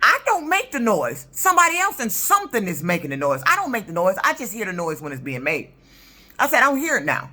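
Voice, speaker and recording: A woman's voice: mid-range voice, wildly swooping pitch, fast, bright, forceful tone. A woman in her fifties, a truck driver, telling a story in an indignant, profane, emphatic rant for her vlog. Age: 50s.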